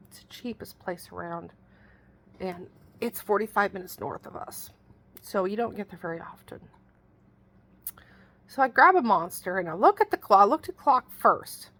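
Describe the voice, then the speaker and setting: A woman's voice: medium pitch, vocal fry, fairly bright tone. A middle-aged woman telling a rambling story in a casual, folksy vlog, exasperated and chatty. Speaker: vlogger.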